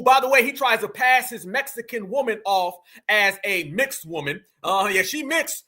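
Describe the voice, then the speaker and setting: Man, high bright voice, mocking, emphatic, fiery commentary host, preacher-like call-outs. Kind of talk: fiery political commentary broadcast.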